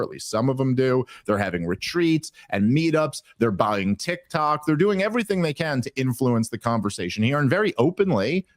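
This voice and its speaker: A man arguing on a political podcast, heated and sarcastic, often restarting his sentences. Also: mid-range voice. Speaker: debate guest. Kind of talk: political debate conversation.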